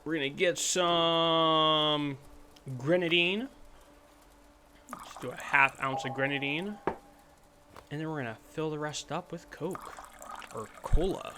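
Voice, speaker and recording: A man's voice: a little high, slow pace, pauses often, a little hiss or hum. A man giving casual, rambling gameplay commentary, full of fillers. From United States. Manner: rambling, relaxed, lots of fillers. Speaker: gaming channel host.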